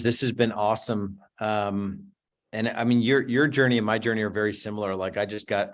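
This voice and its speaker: Low-voiced man hosting a call. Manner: conversational, rambling with many fillers. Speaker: host of a coaching call. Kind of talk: casual chat on a video call. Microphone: video call.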